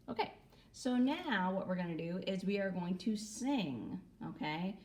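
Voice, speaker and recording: A woman's voice: lowish voice, sing-song, normal speed, a little mellow. A woman music teacher gives a recorder lesson to children, patiently adding "okay?" after nearly every phrase.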